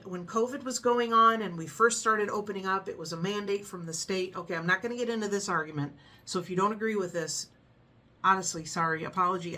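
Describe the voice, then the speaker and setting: A middle-aged woman from the United States chatting casually to her viewers, telling a story with frequent laughs and a calm, frank manner. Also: medium pitch. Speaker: vlogger.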